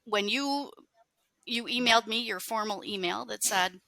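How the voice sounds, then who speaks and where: A woman's voice: mid-range voice, moderate pace, gravelly, sharp tone, dry recording. A woman guest on a casual podcast chat, speaking with enthusiasm and emphasis.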